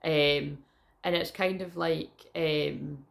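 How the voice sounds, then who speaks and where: A Scottish woman talks straight to the camera in a loose, rambling vlog, jumping between half-finished thoughts. Her voice sits a little low, with a gravelly fry running through it. She swears casually and keeps circling back on herself. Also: fairly even intonation, slow pace. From Scotland. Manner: rambling, chatty, restarts often, swears casually. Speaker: psychic reader. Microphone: camera in front of her.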